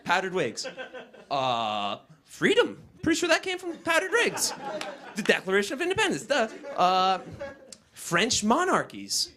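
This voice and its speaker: A young male college comic tells stories onstage in a bright, high, lively voice. His delivery is wry and animated, and a live crowd in the room can be heard behind him. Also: moderate pace. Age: young adult. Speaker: student stand-up comic. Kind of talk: stand-up comedy set.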